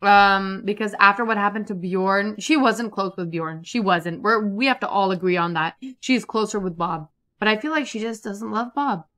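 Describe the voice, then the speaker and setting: A woman giving casual, chatty commentary over a life-simulation game, excitable and prone to repeating herself. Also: mid-range voice, moderate pace. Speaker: gaming YouTuber. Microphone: desktop USB microphone.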